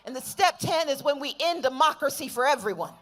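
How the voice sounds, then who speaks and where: A woman addressing an outdoor protest rally, building from steady argument to shouted call-and-response refrains. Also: high voice, a little fast. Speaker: rally speaker.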